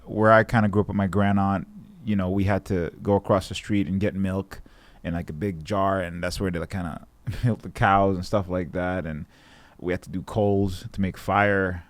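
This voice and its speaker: A man in his thirties from Jamaica speaks in a fairly low voice, recorded dry and close. He talks reflectively as a guest in a casual chat and slips into the voices of people he quotes. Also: flat delivery, moderate pace, no room sound. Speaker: guest fighter.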